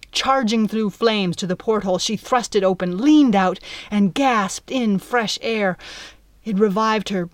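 A woman's voice: mid-range voice, no echo. Woman reading a story, dry close sound. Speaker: narrator. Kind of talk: audiobook narration.

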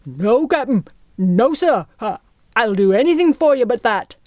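Woman doing a squeaky terrified pirate sailor. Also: animated, slow pace, a little mellow, dry recording, lo-fi sound, full character voice. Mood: scared. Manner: pleading, squeaky. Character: frightened cowardly pirate sailor, man.

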